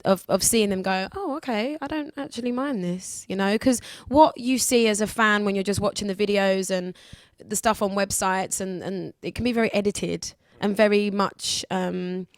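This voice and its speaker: Brief: woman, 20s, radio guest, candid and lively, dry close sound. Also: medium pitch, moderate pace, few pauses, dry recording. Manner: candid, lively, acts out other people's voices. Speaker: guest singer. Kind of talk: casual radio interview chat.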